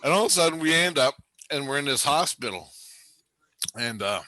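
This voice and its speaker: A man's voice: medium pitch, lively intonation, a little fast, pushed and bright. A man telling a rambling, profane story in casual chat, laughing often.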